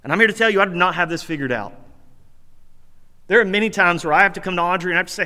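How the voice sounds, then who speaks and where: A man's voice: sits high, quick pace, pauses often, pushed and bright, in a large hall. A man preaching a sermon as pastor, talking in a conversational, earnest and self-deprecating way.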